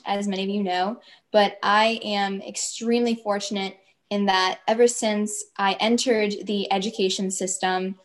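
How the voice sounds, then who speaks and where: A young woman in her late teens, a student, giving a polite, composed prepared speech. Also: mid-range voice. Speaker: student speaker.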